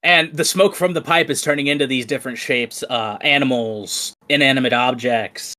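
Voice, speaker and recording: A game master narrating a tabletop game in a relaxed manner, laughing easily with the players. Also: medium pitch, moderate pace.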